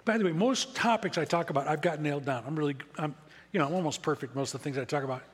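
A man's voice: fairly high pitch, racing. A man preaching a sermon as a pastor, talking in a conversational, self-deprecating way and repeating key words for emphasis. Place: church sanctuary. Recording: echoey hall with long reverb.

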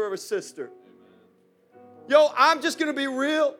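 A man preaching in a church with a very high, bright and forceful voice. He talks in casual slang and keeps calling out to the congregation. Faint instrumental music plays behind him. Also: lively intonation, measured pace, long pauses. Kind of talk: energetic sermon.

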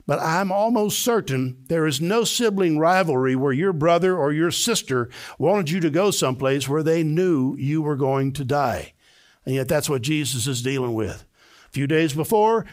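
An older man, a pastor, preaching a sermon with emphatic delivery that climbs to high, excited peaks.

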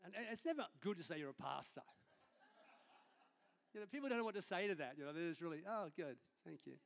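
A man's voice: sits high, very animated, fast talker. A man, a senior pastor preaching a sermon in a conversational, storytelling way during a church service.

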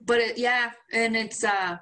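A woman's voice: on the high side, fairly even intonation, a little slow, bright, forceful tone. A woman co-hosting a casual podcast, teasing her friend with crude slang and frequent laughs. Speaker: podcast co-host. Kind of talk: casual chat.

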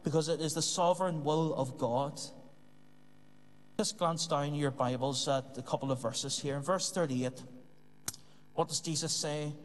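A man's voice: a little high, fairly even intonation, unhurried, long pauses. A man preaching a sermon in an earnest way, repeating key phrases for emphasis. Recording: long hall reverb.

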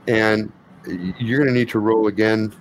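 Man, game master, tabletop game narration, relaxed and rambling, faint background hiss. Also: fairly low pitch, normal speed, rough recording.

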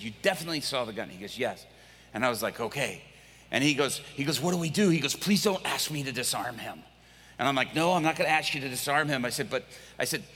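A male pastor preaching, telling a story with lively acted-out quotes. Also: medium pitch, slight background noise. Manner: animated, acts out quoted voices. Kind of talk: sermon storytelling. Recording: echoey hall.

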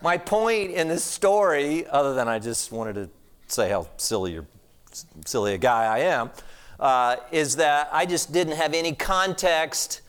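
A man's voice: on the high side, a little slow, fairly bright tone, clear, resonant tone. A middle-aged American man, a pastor preaching a sermon in a conversational, storytelling way. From United States.

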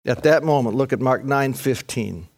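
A man's voice: normal speed, a little mellow. A male pastor preaching a sermon, retelling a Bible passage and acting out the voices of its people with dramatic rises. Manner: dramatic, acts out scripture quotes with big pitch jumps.

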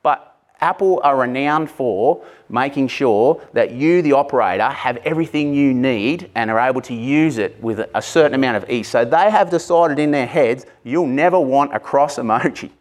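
A man's voice: mid-range voice, moderate pace. A man preaching an Easter sermon in a church, passionate and conversational, breaking off into casual asides. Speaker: pastor.

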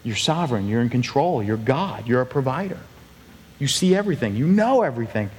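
A man preaching a sermon as pastor, animated and acting out quoted voices with big pitch swings. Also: fairly quick, long reverb tail, a little hiss or hum.

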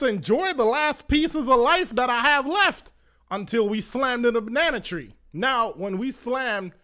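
A young Jamaican man telling a wild story in a casual, profane, animated way. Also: high voice. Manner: animated, profane, acts out his own panicked lines.

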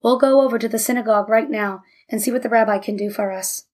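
A woman's voice: fairly high pitch, fast, a little mellow, close to an everyday voice. Woman doing a weary careful father. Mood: quiet. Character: weary, cautious middle-aged father.

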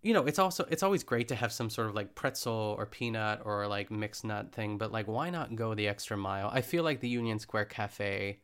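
A man's voice: fairly low pitch, brisk, hardly any pauses, fairly bright tone, smooth. A young man casually recapping a cooking show, rambling and correcting himself with lots of fillers. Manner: rambling, chatty, self-correcting with frequent fillers. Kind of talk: casual chat.

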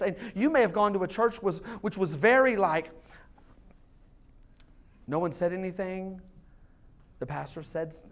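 A man's voice: sits high, fairly quick, fairly bright tone. Man, thirties, lead pastor, casual sermon, quotes in little voices. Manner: conversational preaching, acts out quoted voices. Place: church sanctuary.

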